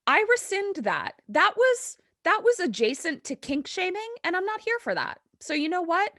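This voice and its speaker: A woman's voice: extremely high pitch, very animated, moderate pace, fairly bright tone, no room sound, clean studio sound. A woman podcaster animatedly recapping a horror episode at a live event, salting it with profanity and constant "like"s.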